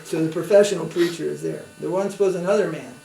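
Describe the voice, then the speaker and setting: Soft music plays behind a fast-talking swami whose slightly high voice is warm with vocal fry. He lectures on spiritual topics conversationally, telling stories and using tag questions so listeners follow along. The room is roomy, with a faint hum.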